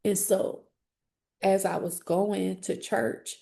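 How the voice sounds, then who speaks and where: A woman sharing a personal testimony in an interview, speaking earnestly and haltingly with frequent restarts. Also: medium pitch, flat delivery, vocal fry, warm tone. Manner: earnest, halting, grows emotional. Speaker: interviewee telling her life story.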